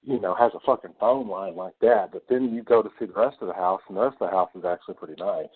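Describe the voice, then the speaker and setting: A low-voiced man hosts a casual film podcast, swearing freely as he retells scenes. The sound is thin and tinny, like a phone line. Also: fast talker, slightly rough. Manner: swears a lot, animated retelling. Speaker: podcast host. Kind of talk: casual movie discussion.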